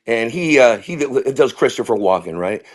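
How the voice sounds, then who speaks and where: A man, a comedian guest, telling rambling animated stories in casual talk over a video call. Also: mid-range voice, normal speed. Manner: rambling, animated, slips into impressions. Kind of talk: casual interview storytelling.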